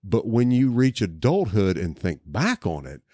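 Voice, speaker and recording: Low-pitched male podcast co-host, animated and laughing, dry studio mic. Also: measured pace, dry recording. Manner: animated, laughing storyteller with many restarts. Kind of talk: casual podcast chat.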